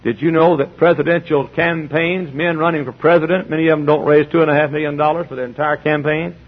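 A middle-aged pastor delivers a sermon fast and emphatically, his high-leaning voice holding a steady tone. He plays out both parts of dialogues and keeps circling back to repeated phrases, all captured in dull lo-fi audio.

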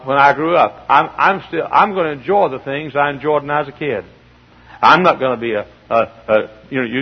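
A man preaching a sermon, telling stories with animation and building to shouts. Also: mid-range voice, gravelly, slightly rough. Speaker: pastor. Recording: dull lo-fi archival sermon tape.

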